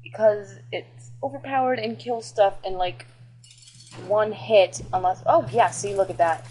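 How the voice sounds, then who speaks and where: A woman chatting excitably and swearing while she plays a video game and comments on it. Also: medium pitch, a little slow, low-quality recording. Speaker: gameplay commentator. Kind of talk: casual gameplay commentary.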